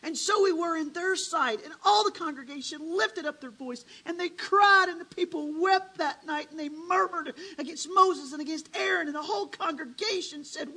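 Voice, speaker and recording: A preacher delivering a dramatic sermon, swinging between hushed and loud. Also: extremely high pitch, normal speed, hardly any pauses, poor audio.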